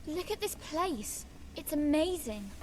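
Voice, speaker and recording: A woman's voice: high voice, animated, takes it slowly, slight background noise, poor audio. A woman voicing a young boy hero in a video game, speaking in a wide-eyed, hesitant way. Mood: wondering.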